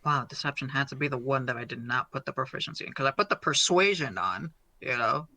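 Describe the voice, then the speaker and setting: Very bright, hesitant player. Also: male voice, mid-range voice, animated, quick pace, slight background noise. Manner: rambling, hesitant, with frequent fillers and laughter. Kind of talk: casual tabletop play.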